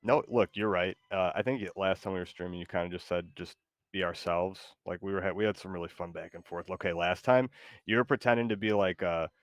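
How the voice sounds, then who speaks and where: A man's voice: low voice, brisk, dry recording, studio quality. A man streaming live, chatting with his AI co-host in a rambling way full of fillers.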